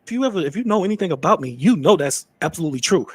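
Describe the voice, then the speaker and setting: Fast-talking high-voiced man, dry sound. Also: very animated, breathy edge, no room sound. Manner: fast, insistent, preachy. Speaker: streamer. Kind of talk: commentary.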